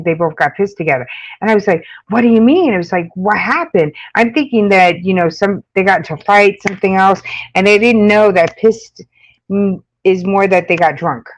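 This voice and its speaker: A woman with a New York accent chatting casually with live-stream viewers, rambling with lots of fillers and frequent laughs. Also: mid-range voice. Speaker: makeup channel host.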